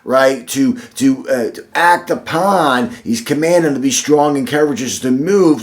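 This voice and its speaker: Earnest man giving a slow devotional. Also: medium pitch. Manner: earnest, repetitive, building emphasis through repeated phrases; slow, deliberate delivery with frequent restarts. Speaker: devotional speaker. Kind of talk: short devotional sermon.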